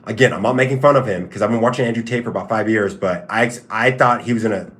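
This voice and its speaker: A man's voice: lowish voice, fast, fairly bright tone. A man hosting a casual livestream who answers chat questions in a repetitive, stop-start, emphatic way. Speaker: livestream host and fighter.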